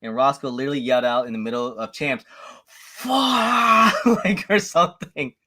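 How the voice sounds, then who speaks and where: Man, co-host, mid-pitched, animated storyteller, casual chat. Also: fast. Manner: laughing storyteller, animated retellings. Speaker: co-host friend.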